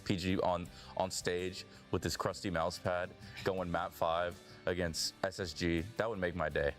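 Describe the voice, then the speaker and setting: A professional esports player answers interview questions in a joking, candid way. His voice sits deep and low, with faint music underneath. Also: level tone, unhurried.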